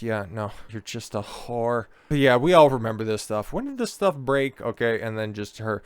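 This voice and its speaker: A man's voice: medium pitch, fairly quick, few pauses, clean tone, no echo, studio quality. A young man ranting sarcastically and crudely about public figures, with mocking asides. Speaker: political commentary host. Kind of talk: casual rant commentary.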